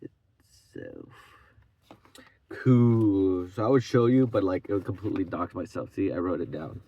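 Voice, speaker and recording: A man's voice: deep voice, moderate pace, slightly rough, dull audio. A man in his twenties telling a rambling, profane, mocking story in a casual vlog. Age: 20s. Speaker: vlogger.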